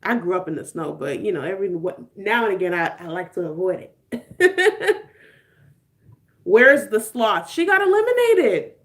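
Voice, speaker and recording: Talking a little fast in a lowish voice, a woman in her twenties keeps her live stream casual. She jokes with viewers, laughs often and slips in slangy asides.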